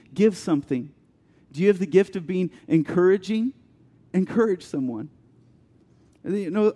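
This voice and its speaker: A man with a high voice preaches an earnest sermon as a pastor, dropping to a hush for soft passages and building with rising questions. The recording carries a long hall reverb.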